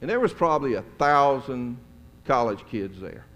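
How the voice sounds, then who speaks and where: A man's voice: medium pitch, animated, normal speed, fairly bright tone. A middle-aged man, preaching a sermon as a pastor and telling stories in a conversational, folksy way. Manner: conversational, folksy, chuckling asides. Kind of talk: storytelling sermon. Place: church sanctuary. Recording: long church hall reverb.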